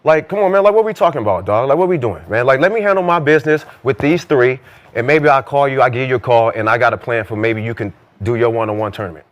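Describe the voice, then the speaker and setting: A man co-hosting a podcast couch chat, firing off rapid, repetitive trash talk packed with fillers. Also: mid-range voice, animated. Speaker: podcast co-host, former basketball player. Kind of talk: heated casual podcast banter.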